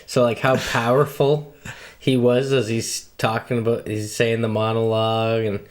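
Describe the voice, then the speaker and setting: A man's voice: medium pitch, flat delivery, normal speed. A man co-hosting a podcast, talking casually about a film, laughing often and making crude jokes. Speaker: podcast co-host. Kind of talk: casual movie chat.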